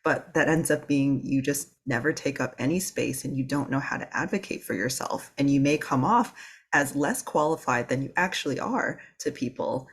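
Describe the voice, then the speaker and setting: A woman's voice: a bass voice, normal speed. A woman hosting a podcast interview, affirming her guest and asking follow-up questions. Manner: warm, affirming listener with soft laughs. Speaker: podcast host. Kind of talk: interview chat.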